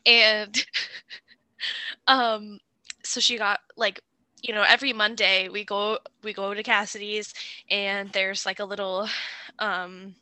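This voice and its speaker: A woman's voice: medium pitch, flat delivery, slow, long pauses, pushed and bright, clear, resonant tone, no room sound. A woman co-hosting a podcast in casual chat, an enthusiastic and giggly storyteller. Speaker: podcast co-host.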